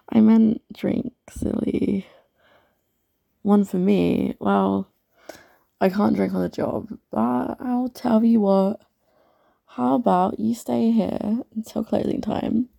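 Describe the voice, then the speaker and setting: A woman playing a gravelly, flirty barmaid. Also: a little high, mellow, dry recording, clean studio sound, heavily acted. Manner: teasing, flirtatious. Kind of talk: audio role-play addressing the listener.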